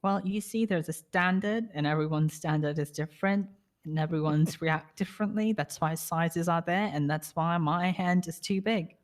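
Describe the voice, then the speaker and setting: Low-voiced teasing woman in roleplay. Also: moderate pace. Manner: playful, teasing, mock-posh. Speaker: roleplay player. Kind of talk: in-character game roleplay chat.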